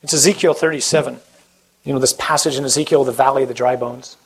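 A man speaking as a priest, giving an animated talk and then leading a prayer, acting out quoted voices as he goes. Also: medium pitch, fast talker, husky, rough recording.

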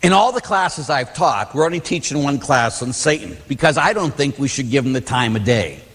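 A man who is a Catholic priest teaching a class, telling stories in a blunt, animated way. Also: on the high side, husky, in a large hall.

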